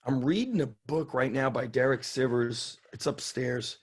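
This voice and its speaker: A man's voice: medium pitch, moderate pace, slightly rough. Guest: blunt, profane, fired-up middle-aged man, coach, mid-range voice. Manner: blunt, fired up, swears freely. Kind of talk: casual interview.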